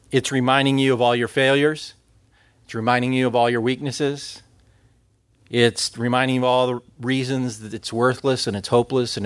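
A man's voice: mid-range voice, dry recording. Earnest male preacher, dry close sound. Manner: earnest, conversational preaching with scripture quotes. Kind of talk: sermon.

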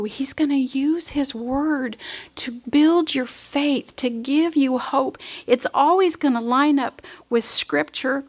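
High-voiced woman preaching with emotion. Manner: earnest, emotional, at times whispering. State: tearful. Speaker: pastor's wife preaching. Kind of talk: sermon.

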